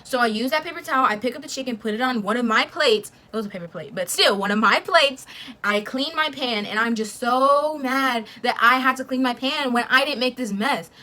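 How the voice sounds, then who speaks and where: Animated, bright-voiced young woman vlogger. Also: a little high, fairly quick. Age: young adult. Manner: animated, swears freely, many "like" fillers. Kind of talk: casual storytime vlog.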